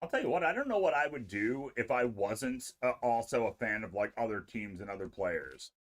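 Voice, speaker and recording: A man co-hosting a live sports stream in casual chat, excitable and blunt with his opinions. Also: medium pitch, moderate pace. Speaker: co-host.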